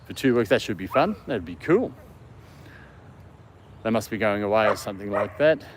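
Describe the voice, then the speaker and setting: A man's voice: on the low side, lively intonation, normal speed, heavy background noise. An Australian man hosting a casual livestream from a dog park, answering viewer comments and talking to his dog. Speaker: livestream host.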